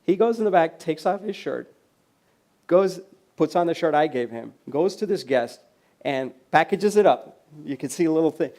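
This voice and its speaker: A man from the USA giving a storytelling keynote at a university event, animated and laughing often as he acts out the people in his stories. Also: a little high, normal speed. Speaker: keynote speaker. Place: university event hall with audience.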